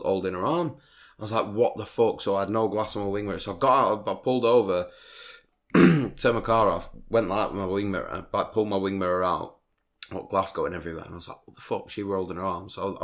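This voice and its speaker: A man, hosting a podcast, telling a long rambling story in casual chat with lots of swearing. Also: lowish voice. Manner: rambling storytelling, heavy swearing, frequent laughs. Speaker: podcast host.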